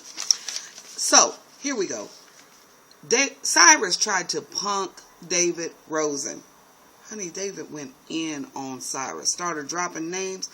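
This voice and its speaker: A man's voice: on the high side, sharp tone, a little hiss or hum, low-quality recording. A man giving a sassy, chatty TV episode recap, calling his viewers honey and baby. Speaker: TV recap host. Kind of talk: casual TV recap commentary.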